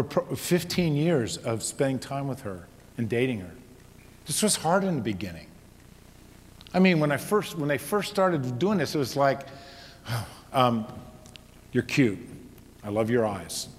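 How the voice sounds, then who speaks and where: A middle-aged man telling a personal story to an audience, his delivery swinging from loud exhortation to hushed, quiet tones. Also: mid-range voice, big pitch swings, a little slow. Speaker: speaker. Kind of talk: storytelling talk. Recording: reverberant hall with faint noise.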